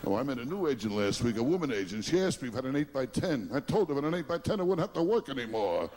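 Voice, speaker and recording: A man's voice: medium pitch, sing-song, very fast, darkish tone. A man doing a stand-up comedy routine, firing off brash one-liners and chuckling at his own jokes.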